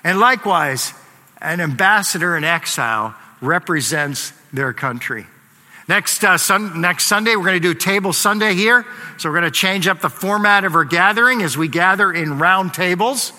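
A man's voice: sits high, bright, forceful tone. A man preaching a casual, conversational sermon to his congregation, with frequent fillers and asides. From Canada. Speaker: pastor. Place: church hall. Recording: long hall reverb.

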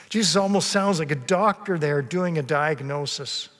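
A man's voice: on the high side, normal speed, hardly any pauses, fairly bright tone. A man preaching a sermon, telling a story earnestly and sometimes acting out the people in it. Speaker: pastor. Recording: long hall reverb.

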